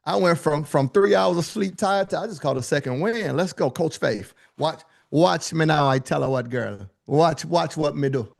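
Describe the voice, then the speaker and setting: A man's voice: moderate pace, vocal fry, few pauses. Hyped up guy running an online speaking class, talks real casual, keeps calling on folks by name. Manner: high-energy, calls on attendees by name, call-and-response; casual colloquial delivery. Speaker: speaking coach. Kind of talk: live online workshop teaching.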